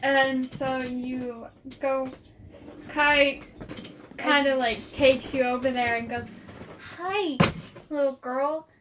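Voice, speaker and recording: High bright-voiced woman game master. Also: little pitch movement, takes it slowly, slight background noise. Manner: playful, switches into character voices. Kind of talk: narrating a tabletop game.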